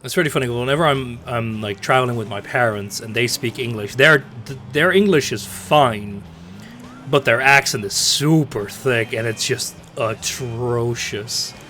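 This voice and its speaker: A man's voice: medium pitch, unhurried, bright, forceful tone, a little hiss or hum. Young man, rambling live-stream chatter, faint game sounds behind. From Netherlands. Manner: rambling, chatty, many fillers and restarts. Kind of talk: casual live-stream gaming chat.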